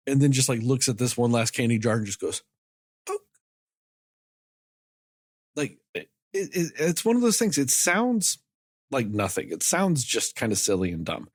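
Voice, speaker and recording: On a casual movie review podcast, this co-host rambles and swears freely while discussing scenes, regularly acting out characters' lines in brief asides. His mid-range voice is husky, and the studio sound is clean with no room noise.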